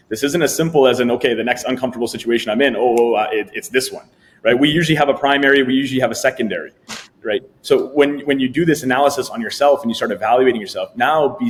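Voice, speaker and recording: Male coach guest, mid-pitched, animated explainer who acts out examples. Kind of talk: explaining a technique in interview.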